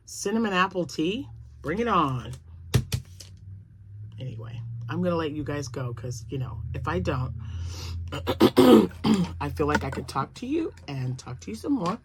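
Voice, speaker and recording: A woman's voice: sits low, lively intonation, unhurried, pauses often, a little hiss or hum. A middle-aged woman chatting casually to her viewers in a crochet vlog, rambling from topic to topic with asides and little laughs. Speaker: crochet vlogger. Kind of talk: casual chat to camera.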